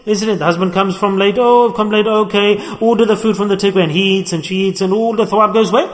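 A man preaching a sermon, animated and lively, acting out the people he quotes and mixing religious terms into his talk. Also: sits high, fast talker, in a large hall. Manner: animated, acts out quoted people, mixes Arabic and Urdu terms.

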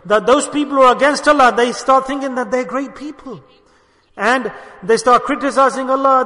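Male preacher, high and bright, emphatic sermon delivery with sudden hushed drops, long hall echo. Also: a little fast. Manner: emphatic, swings from loud exhortation to hushed asides.

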